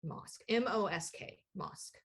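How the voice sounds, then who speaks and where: Slow, low-voiced woman game master. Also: slightly rough. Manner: slow, thoughtful, many fillers. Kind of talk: narrating a tabletop game.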